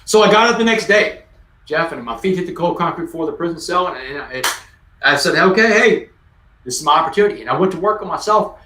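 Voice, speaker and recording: A man's voice: a little high, expressive, fast, bright, forceful tone, echoey room. Man in his forties, emphatic storyteller, video-call audio from a distance. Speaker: guest speaker. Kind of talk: conversational storytelling.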